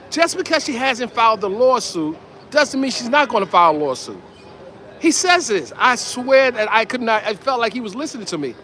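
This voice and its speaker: A man giving excited street commentary outdoors, repeating himself and calling out to viewers as ladies and gentlemen. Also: extremely high pitch, slight background noise. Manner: animated, repetitive, addresses viewers as ladies and gentlemen. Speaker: independent commentator.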